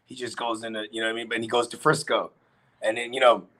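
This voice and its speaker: A man from Washington, D.C., chatting casually and retelling comedy bits in lively put-on voices. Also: mid-range voice, fast, poor audio. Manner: animated storyteller, acts out comedians' bits. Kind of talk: casual chat.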